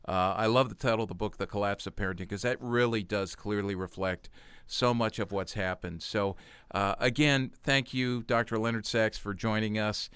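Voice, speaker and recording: A man's voice: lowish voice, steady tone, moderate pace, clear, resonant tone, dry recording. A man hosting a podcast, enthusiastically thanking his guest and wrapping up the episode. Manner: warmly enthusiastic, repeats thanks. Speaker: podcast host. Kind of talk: casual chat, closing an interview.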